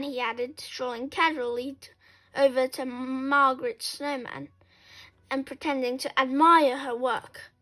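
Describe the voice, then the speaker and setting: Bright, slow-reading woman storyteller. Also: sits high. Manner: expressive, animated with sound effects.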